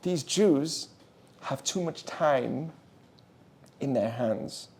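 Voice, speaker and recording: A man teaching a class as a rabbi, animated, asking his listeners questions and mixing in Hebrew terms. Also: medium pitch, extremely slow, slightly rough. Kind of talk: lively Torah class.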